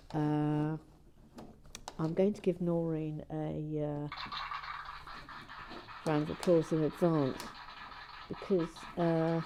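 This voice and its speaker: A woman hosting a relaxed building vlog, chatty and playful, drifting into soft whispered asides. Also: low-pitched, background noise. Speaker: host of a brick-building channel.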